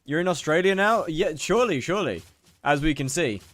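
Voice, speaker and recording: A man's voice: fairly high pitch, lively intonation, brisk, a bit bright. A young British man chatting casually on a live stream while gaming, rambling and mocking himself as he reads out chat.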